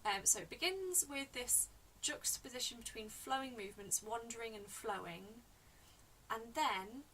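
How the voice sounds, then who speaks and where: A woman teacher analysing a poem in a lesson, explaining slowly and repeating key words. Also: medium pitch, vocal fry, sharp tone, distant mic, slight background noise, low-quality recording. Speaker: English teacher.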